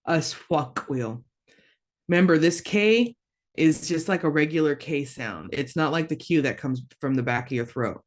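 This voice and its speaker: A woman teaching a language lesson, slow and patient, repeating words for learners to echo. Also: low-pitched, a little mellow.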